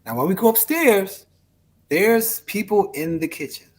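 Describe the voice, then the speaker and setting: Relaxed male guest, slightly higher voice, casual rambling storyteller. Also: unhurried. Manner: laid-back, rambling, heavy on "you know" fillers. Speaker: interview guest.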